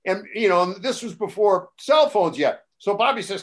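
High-voiced older man telling stories. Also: normal speed, hardly any pauses. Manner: animated, acts out quoted voices with rising pitch and loudness. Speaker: guest storyteller, former wrestling broadcaster. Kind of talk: casual anecdotal storytelling.

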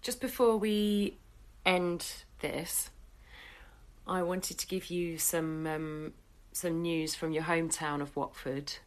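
A woman's voice: fairly low pitch, steady tone. A woman in casual podcast chat, telling stories and playfully acting out what people said. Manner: unhurried storyteller, acts out quoted voices.

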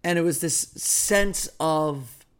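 Male podcast host, hoarse throughout, slightly high voice, rambling and self-deprecating. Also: slow. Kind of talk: casual solo podcast talk.

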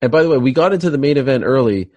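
Fast-talking teasing male host. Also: medium pitch, lively intonation, darkish tone, dull audio. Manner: teasing, quick questions. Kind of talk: casual chat.

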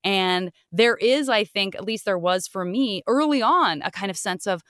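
A woman podcast host and voice actress talking in a lively, animated way. Her voice sits in a middle range but jumps high when enthusiasm hits. The sound is dry and close, with no room echo. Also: a little slow, hardly any pauses. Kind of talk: casual podcast chat.

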